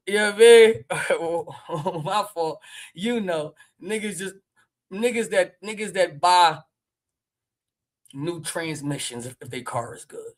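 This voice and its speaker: A man's voice: high voice, animated, takes it slowly, rough recording. Brash trash-talking Philly man. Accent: Philadelphia. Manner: brash, loud, trash-talking, laughs often. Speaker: livestream host. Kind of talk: casual livestream rant.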